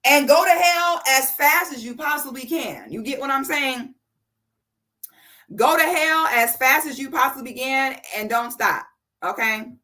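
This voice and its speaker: A livestream host in her 30s, she rants bluntly and sassily, profanity included, in casual commentary. Her high-pitched voice is bright and forceful, and she speaks a little slowly.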